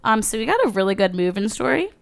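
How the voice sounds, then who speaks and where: A woman's voice: mid-range voice, big pitch swings, quick pace, creaky. A young woman co-hosting a podcast in casual chat, loose and profane with lots of fillers. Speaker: podcast co-host.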